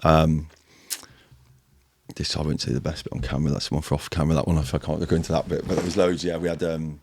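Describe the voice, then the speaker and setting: Brit ex-marine guest, low voice, talks fast and swears a lot. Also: male voice, background noise. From United Kingdom. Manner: fast, sweary, animated storytelling in military slang. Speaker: podcast guest, former Royal Marine. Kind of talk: casual podcast chat.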